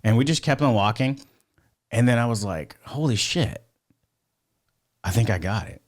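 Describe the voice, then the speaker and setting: A man's voice: lowish voice, a little fast. A man telling rambling stories as a podcast guest, swearing constantly in casual talk. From United States. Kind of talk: casual storytelling.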